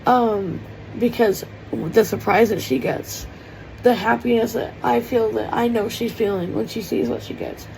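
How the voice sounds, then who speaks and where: A woman's voice: fairly high pitch, unhurried, gravelly, darkish tone, a little hiss or hum, low-quality recording. A woman talking in a heartfelt, tearful personal vlog, rambling with many fillers as she speaks from her kitchen. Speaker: vlogger. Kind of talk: emotional personal vlog monologue. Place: home kitchen.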